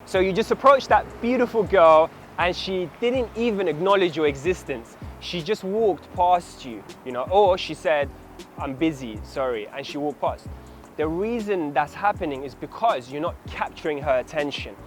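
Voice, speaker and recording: Brief: energetic male dating coach, slightly high voice, speaks outdoors in a city with faint music. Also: normal speed. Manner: animated, demonstrates approaches in acted voices. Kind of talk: direct-to-camera coaching talk.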